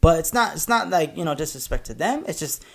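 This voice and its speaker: Guy hosting a podcast, kinda high voice, rambling and swearing, laughs a lot. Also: lively intonation, fast talker, creaky. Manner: rambling storyteller, cusses freely, laughs often. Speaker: podcast host. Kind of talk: casual podcast chat.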